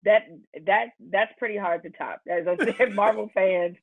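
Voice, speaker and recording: A woman's voice: medium pitch, steady tone, normal speed, a crowd in the background. A woman hosting an interview, playful and teasing, laughing easily as she asks questions. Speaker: show host. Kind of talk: conversational interviewing. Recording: dry, tinny phone-like line.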